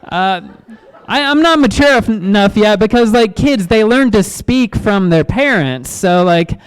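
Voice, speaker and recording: Man in his 30s, stand-up comic, halting, self-deprecating, smooth clear voice, handheld mic. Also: high-pitched, lively intonation, rough recording. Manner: awkward, self-deprecating, halting with ums and restarts. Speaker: stand-up comedian. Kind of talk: stand-up comedy set. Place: comedy club stage.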